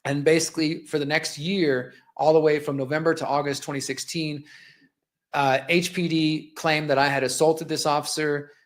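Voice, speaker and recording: A man's voice: fairly high pitch, little pitch movement, normal speed. A man in his forties hosting a live show, telling a personal story in an impassioned, conversational way while narrating video clips. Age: 40s. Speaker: host.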